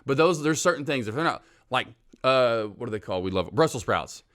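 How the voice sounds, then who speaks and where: Animated fast-talking Southern man. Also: medium pitch. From American South. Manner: animated, laughs often, swings loud and soft. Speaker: podcast co-host. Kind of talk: casual chat.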